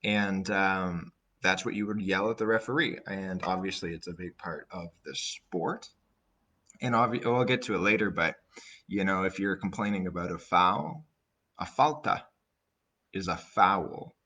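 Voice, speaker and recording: A young Canadian man with a Canadian accent, an English teacher giving a chatty, relaxed vocabulary lesson full of asides. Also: sits low, moderate pace.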